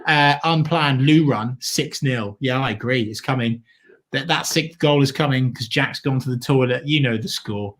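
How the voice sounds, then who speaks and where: During casual watchalong chat on a fan channel, a co-host enthusiastically gives match updates, reads out donations and thanks donors with shout-outs. He talks at a moderate pace in a medium-pitched voice.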